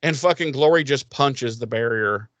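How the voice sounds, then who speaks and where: Male podcast co-host, sarcastic and profane, mid-pitched, dry close mic. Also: a bit bright, dry recording, dull audio. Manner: sarcastic, profane, acts out characters in quick voices. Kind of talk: casual recap chat.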